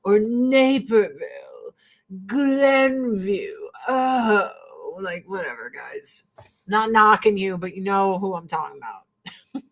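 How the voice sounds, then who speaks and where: A woman's voice: medium pitch, expressive, slow pace, long pauses. A woman from rural Illinois hosting a casual get-ready-with-me vlog, blunt, swearing freely and laughing often. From rural Illinois, US Midwest. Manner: blunt, profane and chatty, with frequent laughs. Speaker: vlogger and host.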